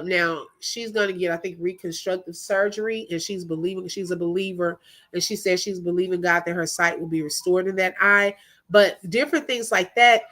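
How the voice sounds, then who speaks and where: A woman's voice: lowish voice, a bit bright. A middle-aged woman, hosting a casual livestream, chatting animatedly, laughing often and greeting viewers. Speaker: livestream host. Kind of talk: casual live-stream chat.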